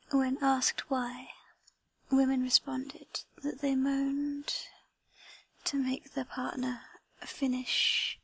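A woman in a whispered role-play with a breathy whisper, talking slowly in a teasing, commanding way. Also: sits high, no echo. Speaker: erotic audio performer.

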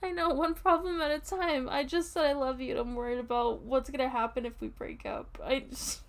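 A woman playing a tipsy, affectionate young girlfriend in an audio role-play, talking softly and intimately and drifting off topic. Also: high voice, fairly quick. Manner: rambling, giggly, soft and intimate. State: drunk.

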